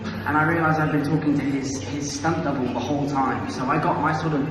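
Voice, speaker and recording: A young man in a press interview, eagerly recounting a story with excitement. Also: fairly high pitch, fairly quick, crowd noise. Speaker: actor. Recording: echoey hall from far off, with music.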